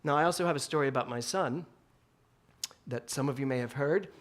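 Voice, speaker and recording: A male minister giving a Sunday talk in a spiritual center, telling an animated story with bursts of laughter. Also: medium pitch, brisk. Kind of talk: sermon storytelling.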